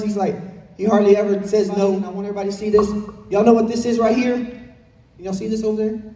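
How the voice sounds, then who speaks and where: High-voiced preacher in an echoey church. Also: male voice, a little mellow. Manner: earnest preaching with repeated phrases and questions to the congregation. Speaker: pastor. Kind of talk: sermon. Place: church sanctuary. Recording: echoey church hall from far off.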